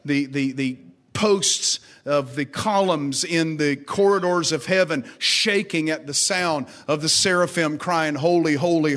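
Man, pastor, sermon, fairly high voice, dramatic quoting. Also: a bit bright. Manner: dramatic rises when quoting God.

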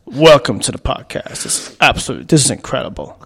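A man's voice: mid-range voice, fast talker, vocal fry, husky, voice pushed down, heavily acted. A man doing a hyped podcast host. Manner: excitable, exclaiming, swearing. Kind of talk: comic impression.

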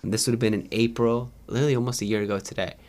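A man who is a podcast guest, telling stories quickly and animatedly, acting out the dialogue. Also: mid-range voice, fairly even intonation, darkish tone. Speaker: guest, content creator. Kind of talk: casual storytelling.

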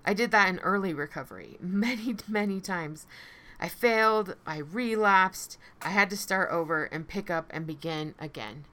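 Woman podcast host and coach, low-pitched, forceful tone, heartfelt reflective solo talk. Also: normal speed. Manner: earnest, heartfelt, repeats phrases for emphasis. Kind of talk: personal reflective podcast monologue.

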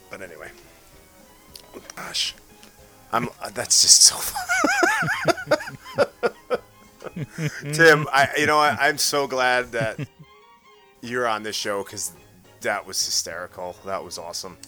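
Chatty male podcast host, bright voice. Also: lowish voice. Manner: chatty, stumbling restarts. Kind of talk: casual podcast chat.

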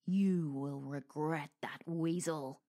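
A woman voicing a huge, menacing male wolf who booms and sneers in a storybook reading. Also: steady tone, takes it slowly, dark tone. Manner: booming, sneering and threatening.

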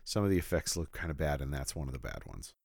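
A man co-hosting a casual podcast, giving measured critiques and getting worked up over odd facts. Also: extremely low pitch, very animated, gravelly, husky, dry recording, studio quality. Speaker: podcast co-host. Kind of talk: casual chat.

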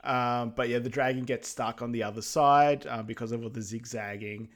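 A man's voice: mid-range voice, fairly even intonation, moderate pace. A man co-hosting a podcast, recapping a film in casual chat, hesitant with frequent ums and uhs. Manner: hesitant, starts lines with um and uh. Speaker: podcast co-host.

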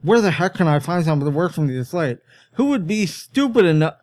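A man's voice: on the high side, sing-song, fairly quick, darkish tone. A man voicing a scheming, bossy, balding store owner while reading a story aloud. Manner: sly, bossy.

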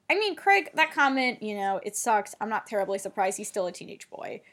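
A woman co-hosting a casual podcast chat, recapping a TV episode in an animated, chatty way with casual swearing. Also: mid-range voice, moderate pace. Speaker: podcast co-host.

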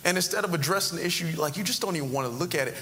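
A man's voice: on the high side, racing, sharp tone. A male pastor preaching a conversational sermon in a church, with sudden emphatic rises. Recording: long hall reverb, faint background noise.

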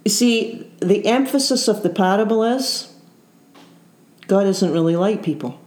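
A woman preaches an earnest sermon at an unhurried pace. She keeps asking rhetorical questions and repeating key phrases for emphasis. Her voice sits at a middle pitch, and the recording has a roomy echo. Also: darkish tone.

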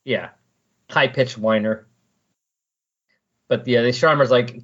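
A man's voice: medium pitch, fairly even intonation, slow, fairly bright tone, lo-fi sound. A man hosting a podcast, recapping comic book scenes in casual chat and animatedly acting out the characters' lines. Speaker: podcast host.

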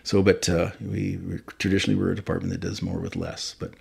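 A man's voice: deep voice, sing-song, quick pace, gravelly, darkish tone, slightly rough. A man in his fifties from Canada, a fire chief telling stories in a casual interview, rambling and correcting himself as he goes. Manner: rambling, self-correcting storyteller.

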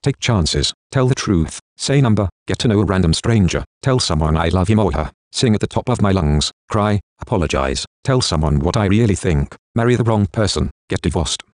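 A man's voice: deep voice, expressive, normal speed, few pauses, a little mellow, dry recording, clean studio sound. A man reading the lines of a troubled, grieving teenage boy in an audiobook, raw and intense. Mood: defiant. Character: troubled male teen student, grieving.

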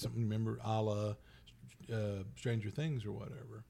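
A man co-hosting a podcast in casual, rambling chat, getting animated when he acts out quotes. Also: lowish voice, fairly quick, gravelly. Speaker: podcast co-host.

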